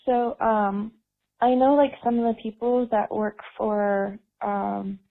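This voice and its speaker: A woman's voice: medium pitch, fairly even intonation, slow pace, vocal fry. A woman calling in to a show by phone, hesitant and filling her speech with "like" and "um". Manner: hesitant, full of "like" and "um". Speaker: caller. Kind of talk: phone call-in. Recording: tinny phone line.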